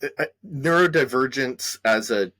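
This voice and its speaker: A man speaking as a therapist guest in a conversational discussion, measured and hesitant, with many fillers. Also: mid-range voice, sharp tone, no room sound.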